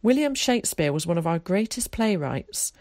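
A woman reading aloud, voicing an eager, theatrical schoolboy who loves to show off, in a lively, dramatic way. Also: lowish voice, normal speed, no room sound, clean studio sound.

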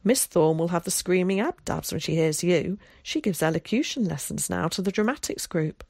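A woman voicing an excitable, theatrical boy who chatters eagerly. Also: fairly low pitch, normal speed, vocal fry, breathy edge, no room sound, studio quality, full character voice. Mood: teasing.

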